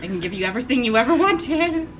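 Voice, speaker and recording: A woman voicing a sly dark force that coaxes a character into a deal, lowering her voice. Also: sing-song, fast talker, far from the mic. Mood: coaxing. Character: sly dark whispering force offering deals. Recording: noisy background.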